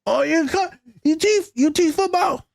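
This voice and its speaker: A man's voice: very high-pitched, a little slow, vocal fry, voice pushed up, exaggerated voice. A man voicing a condescending male stranger who sneers at a coach, in a raised, exaggerated voice. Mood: mocking.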